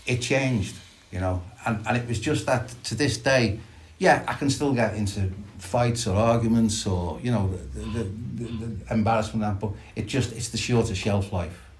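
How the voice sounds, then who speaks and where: A middle-aged man, sharing reflectively and haltingly at a recovery meeting, with many restarts. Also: on the low side, slight background noise. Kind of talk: personal sharing at a support meeting.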